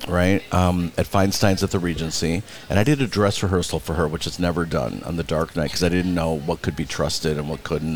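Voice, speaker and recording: A man with a low, grounded voice, chatting as an interview guest. He spins backstage stories with punchy, profane bluntness and slips into quick impressions of the people he quotes. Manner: animated anecdotes, blunt and profane; acts out other people's lines in quotes. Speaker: Broadway producer and director, guest. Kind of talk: casual interview storytelling.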